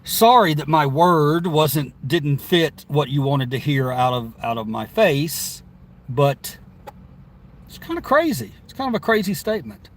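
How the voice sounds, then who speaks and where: A man's voice: fairly high pitch, lively intonation, unhurried. A man live streaming from inside his car, reading viewer chat aloud and answering it in a rambling, chatty way with frequent laughs.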